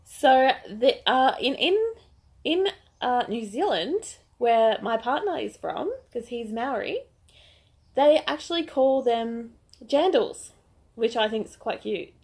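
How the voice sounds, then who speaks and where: A woman's voice: a little high, lively intonation, takes it slowly, darkish tone. An Australian woman, a bit sick with a voice that is not projecting, chatting casually and gushing in a crochet vlog. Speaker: crochet vlogger.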